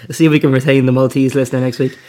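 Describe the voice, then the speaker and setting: A man's voice: mid-range voice, flat delivery, rapid-fire, warm tone. A man with an Irish accent, hosting a casual podcast and joking as he reads out listener poll results. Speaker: podcast host.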